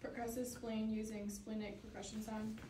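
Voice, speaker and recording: Flat-voiced woman reading a checklist. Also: on the high side, normal speed. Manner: reads checklist items aloud flatly. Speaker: student reading exam steps. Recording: roomy, distant mic with faint noise.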